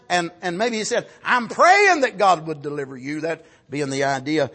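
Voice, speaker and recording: A man delivers a fervent sermon in a high, bright voice. His tone carries a husky edge. He drops low for asides, then climbs to shouts and calls of amen. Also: expressive, normal speed, few pauses. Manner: fervent, rising to shouts, frequent amens. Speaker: preacher.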